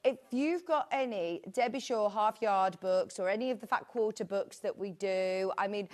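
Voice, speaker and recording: A woman's voice: medium pitch, normal speed, a little mellow. A British woman presenting a live shopping show, chatting in a rambling, friendly way with asides. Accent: British English. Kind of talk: live sales chat.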